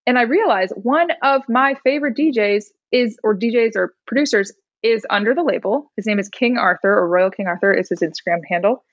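The podcast guest here is a songwriter and rapper from Indiana in her twenties, whose fairly high voice is brisk with few pauses. She tells a story in casual conversation, doing the voices of those she quotes and laughing often. The sound is lo-fi, with no room sound.

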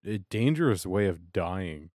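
A man co-hosting a podcast, recapping a TV episode in casual chat with deadpan, sarcastic asides. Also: sits low, measured pace, no room sound, studio quality. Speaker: podcast co-host.

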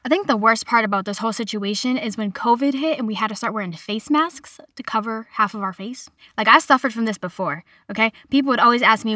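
A young woman in her twenties telling a casual personal story in a chatty, animated way, quoting other people as she goes. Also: fairly high pitch, quick pace, few pauses, no echo, clean studio sound. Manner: chatty, animated retelling with quoted voices.

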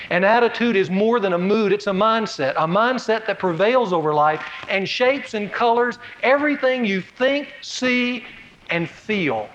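A male pastor preaching a sermon in a conversational way, asking rhetorical questions and swinging between raised and lowered emphasis. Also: animated, measured pace, fairly bright tone, lo-fi sound, slight background noise.

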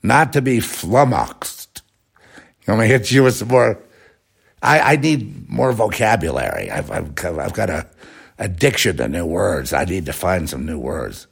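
A man's voice: low-pitched, lively intonation, a little slow, vocal fry, husky. A man hosting a rambling, sarcastic religious commentary talk.

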